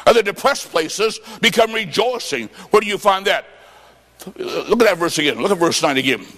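A man preaching a revival sermon, fervent, with shouted bursts and stories told in quoted dialogue. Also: high-pitched, animated, normal speed. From US Midwest. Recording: long reverb of a large hall.

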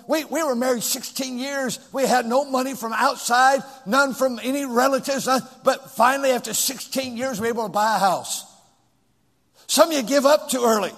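A middle-aged man with a very high voice preaches a sermon to a packed church with a balcony. He throws questions to the crowd and pushes the answers back at them, climbing into shouts. His voice carries a long reverb from the large hall. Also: normal speed, long pauses. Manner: preaching with call-and-response, rising to shouts. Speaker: pastor.

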